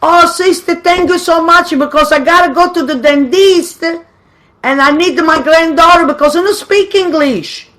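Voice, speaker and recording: A woman's voice: extremely high pitch, a little slow, fairly bright tone, voice pushed up. A woman voicing her sly elderly grandmother, who plays innocent and speaks in a sugary, pleading, overly polite way. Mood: sweetly innocent.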